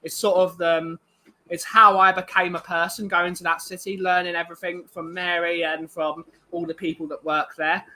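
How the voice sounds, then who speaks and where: A man's voice: high voice, flat delivery, normal speed, sharp tone. A young man co-hosting a casual livestream, rambling with lots of fillers and restarts while reading out viewer comments. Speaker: livestream co-host.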